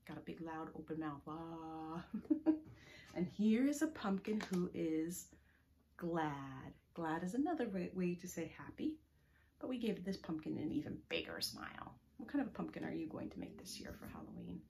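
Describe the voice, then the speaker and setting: A woman librarian leading a preschool story time, reading aloud slowly in a sing-song way and often dropping to a soft whisper. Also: on the low side, big pitch swings, gravelly, a little hiss or hum. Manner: leads rhymes and chants with children. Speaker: children's librarian. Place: public library.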